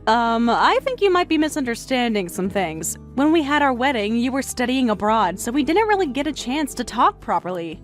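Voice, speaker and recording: A woman voicing a polite, patient young wife in a dramatized text-message story, speaking gently and calmly. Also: fairly high pitch, moderate pace, few pauses. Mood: mild. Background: faint music.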